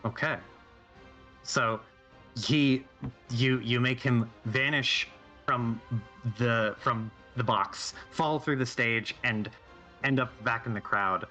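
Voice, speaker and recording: A man narrating a tabletop horror game as game master, in relaxed, halting narration with many restarts. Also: mid-range voice, soft background music.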